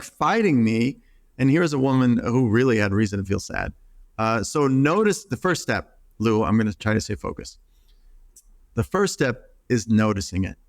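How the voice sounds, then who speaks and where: A man's voice: mid-range voice, no echo, clean studio sound. A middle-aged man, a psychotherapist, talking earnestly in an interview and stumbling through restarts. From United States. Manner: earnest, acts out quoted voices, many restarts. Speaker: psychotherapist guest. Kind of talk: reflective interview talk.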